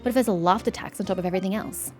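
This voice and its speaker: A woman's voice: mid-range voice, racing, a little mellow, soft background music, natural voice. A woman voicing a jittery, overtaxed male merchant in a game, anxious and pleading, with rising questions. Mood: nervous.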